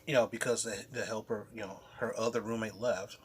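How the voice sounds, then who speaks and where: A man's voice: fairly low pitch, fairly even intonation, a little fast, heavy background noise. A man casually telling a rambling, profane story on his comic book vlog.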